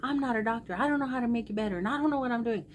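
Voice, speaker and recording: Woman putting on her panicked grown son, shrill and scolding. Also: lively intonation, darkish tone, slight background noise, natural voice. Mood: frantic. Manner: frantic, fast, scolding. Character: panicked adult son scolding his mom.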